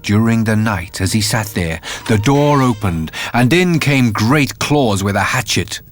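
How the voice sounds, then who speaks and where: A man reading a fairy tale aloud in an expressive, measured way, with faint music behind. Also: on the low side. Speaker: narrator. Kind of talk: storybook narration.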